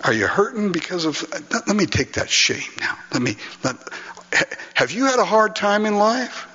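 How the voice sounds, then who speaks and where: A man voicing Jesus as a gentle, reassuring adult man who speaks softly and consolingly. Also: sits high, very animated, moderate pace, slightly rough, in a large hall, dull audio, voice pushed up, full character voice. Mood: tender reassurance. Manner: soft, consoling.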